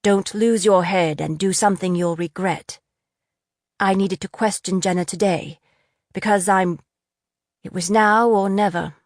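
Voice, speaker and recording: A cold, menacing male interrogator who pushes with clipped questions, as a woman narrator reads him. His voice stays close to the reader's own middle pitch. The sound is dry and close. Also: steady tone, measured pace, no room sound, close to an everyday voice. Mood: icy.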